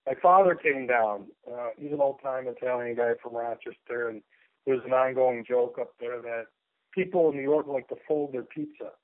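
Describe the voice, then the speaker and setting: A man's voice: medium pitch, normal speed, no echo. A man talking as a guest in a casual radio chat, rambling and joking as he tells stories. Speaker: guest artist. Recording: tinny phone line.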